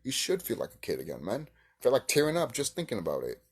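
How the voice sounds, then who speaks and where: A man making a reaction video, ranting with heavy swearing, swinging between heated outbursts and quiet musing. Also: mid-range voice, huge pitch swings, fast talker, slightly rough. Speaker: video creator reacting to a clip.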